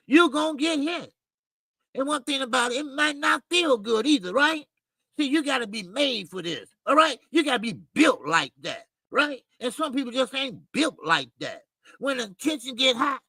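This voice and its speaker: A man hosting a livestream boxing show, ranting with profanity and loud outbursts while greeting his chat. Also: very high voice, lively intonation, moderate pace, no room sound. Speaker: boxing channel host.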